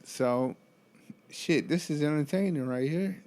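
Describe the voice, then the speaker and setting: A man with a gravelly, fry-edged voice tells a story in a loose vlog style. He is animated and profane, laughs often, and keeps breaking into incredulous exclamations. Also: medium pitch, unhurried. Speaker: motivational speaker.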